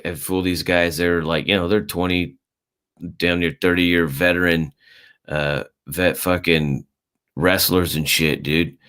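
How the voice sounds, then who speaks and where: A man's voice: low-pitched, a bit bright, smooth. A man co-hosting a casual fight talk show, rambling with many fillers and a lot of swearing. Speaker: podcast co-host. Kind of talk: casual chat.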